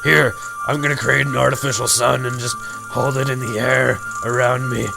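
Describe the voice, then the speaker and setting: A man's voice: medium pitch, little pitch movement, moderate pace, creaky. A man voicing a flamboyant drag-queen fairy, campy and theatrical, drawing out his words. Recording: game music behind.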